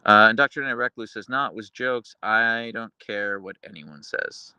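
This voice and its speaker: The host of a live stream reads through chat in a fairly low voice that's smooth yet pushed and bright, at a moderate pace with no room sound. He rambles casually, uses plenty of fillers, and now and then baby-talks his dogs.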